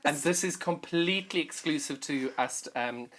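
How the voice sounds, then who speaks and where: A man's voice: fairly high pitch, normal speed, a bit bright, slight background noise. Man with a South African accent, presenting. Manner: jokey, teasing banter. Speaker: shopping channel presenter. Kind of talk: live TV selling chat.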